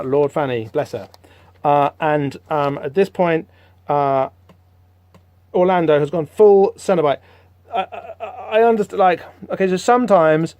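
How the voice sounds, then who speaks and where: Rambling, higher-voiced podcast host. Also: male voice, dry recording. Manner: rambling, animated, many fillers. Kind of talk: casual comic-book commentary.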